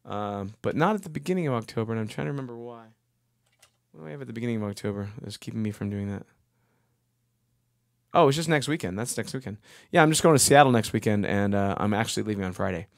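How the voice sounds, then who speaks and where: A man's voice: fairly low pitch, lively intonation, fast, vocal fry. A middle-aged man hosting a music live stream, chatting casually between songs in a rambling way and thanking viewers by name. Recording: long reverb on the voice.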